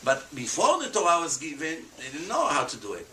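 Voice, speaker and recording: A man's voice: fairly high pitch, huge pitch swings, fairly quick, sharp tone, far from the mic. A man streaming, explaining religious teaching with emphatic rhetorical questions and non-native English phrasing. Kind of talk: animated religious explanation to a chat. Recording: echoey room, off-mic, faint noise.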